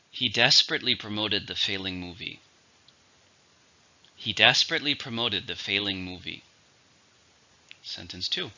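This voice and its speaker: Bright-voiced man teaching vocabulary. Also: on the low side, muffled recording. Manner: slow, clear, repeating each word for learners. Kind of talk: scripted vocabulary lesson.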